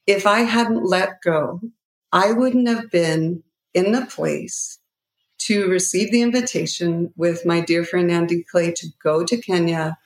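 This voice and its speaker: A woman's voice: medium pitch, reverberant. A middle-aged woman guest on an interview, speaking in a heartfelt, emotional and rambling way. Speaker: guest, nonprofit founder. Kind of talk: interview conversation.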